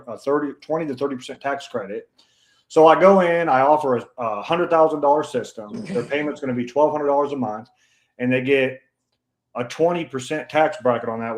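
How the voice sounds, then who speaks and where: A man chatting on a podcast, telling a story in a blunt, profane, animated way and acting out the people he quotes with a raised voice. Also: mid-range voice. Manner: profane, blunt, animated, pushes his own story hard. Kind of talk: casual storytelling chat.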